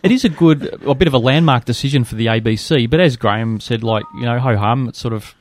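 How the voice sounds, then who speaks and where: A man's voice: medium pitch, fast talker. A man on a radio panel, laid-back, reading out a list. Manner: reads lists, laid-back. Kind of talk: casual radio panel chat.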